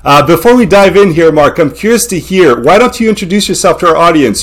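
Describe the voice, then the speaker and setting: A man's voice: on the high side, expressive, brisk. An upbeat man hosts a podcast interview with plenty of enthusiasm. He asks questions in a casual, friendly way. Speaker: podcast host.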